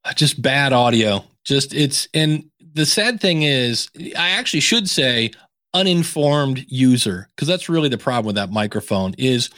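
A man's voice: measured pace, dry recording, clean studio sound. A man from Ohio, chatting as a guest in a casual interview and acting out quoted voices as he talks. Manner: animated, acts out quoted voices with big pitch jumps. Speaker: podcast consultant guest.

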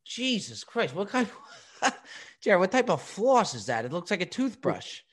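A man's voice: high-pitched, very animated, measured pace, slightly rough. A man hosting a podcast, ribbing his guest in a teasing, hyped-up casual chat. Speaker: podcast host.

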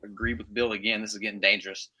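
A man's voice: fairly low pitch, flat delivery, very fast, pushed and bright, a little hiss or hum. A young man co-hosting a casual sports podcast, laid-back and wry. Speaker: podcast co-host.

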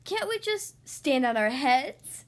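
Gentle male goose, meek and reluctant, read by a woman for a storybook podcast. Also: high-pitched, expressive, normal speed. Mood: weary.

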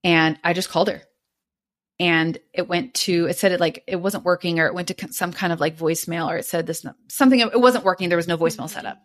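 A young adult woman, a podcast guest, retelling a personal story in an animated way and acting out the dialogue. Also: lowish voice, fast.

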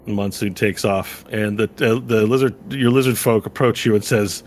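A man's voice: fairly low pitch, level tone, fast, hardly any pauses, soft background music. A man running a tabletop game as game master, narrating loosely with fillers. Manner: rambling with fillers and laughs.

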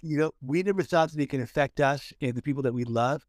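In a casual podcast chat, a fast-talking co-host from Southern California with a mid-range voice tells a story, often restarting and filling gaps with fillers. His audio is clean studio sound without echo.

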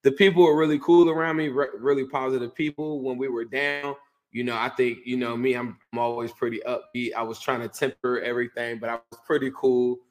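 A man casually telling a lively story, full of fillers and restarts, acting out what people said. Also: medium pitch, brisk. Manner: animated storyteller, acts out quotes, many fillers and restarts. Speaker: guest recounting a game. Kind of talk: casual chat.

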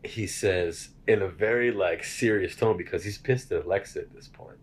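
A man's voice: low-pitched, moderate pace, slightly rough. A man hosting a podcast, telling a story in a casual, profane way and laughing as he goes. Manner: animated, profane, laughs while telling stories. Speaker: podcast host.

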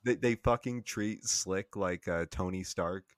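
A man co-hosting a casual comedy movie podcast, making wry deadpan asides. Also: low voice, a little slow, no room sound, studio quality. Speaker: podcast co-host.

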